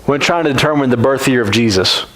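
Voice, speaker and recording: A man's voice: mid-range voice, fast, a bit bright, low-quality recording. A man teaching a Bible class in a church classroom, talking conversationally and often checking in with the class by asking "right?".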